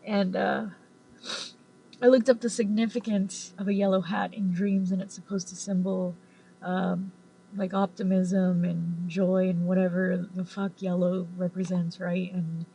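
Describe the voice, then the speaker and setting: A woman's voice: fairly low pitch, level tone, unhurried, creaky, mellow, slight background noise, low-quality recording. A woman tarot reader casually telling a long story to camera, rambling with lots of "like" and the odd swear word.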